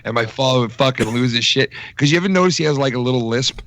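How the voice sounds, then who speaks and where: Gravelly, bright-toned man rambling casually. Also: mid-range voice, fast talker. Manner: rambling, many fillers and restarts. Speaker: podcast co-host. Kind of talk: casual chat.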